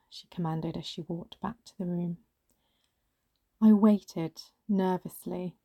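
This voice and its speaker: Husky, gravelly woman narrating softly. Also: fairly low pitch, dry recording. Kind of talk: first-person story reading.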